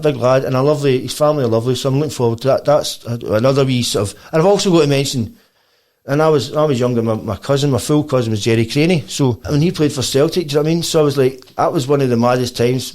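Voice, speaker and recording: Fast-talking Scottish man. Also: medium pitch. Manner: rambling, with lots of restarts; animated storytelling. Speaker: guest musician. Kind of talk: casual podcast chat.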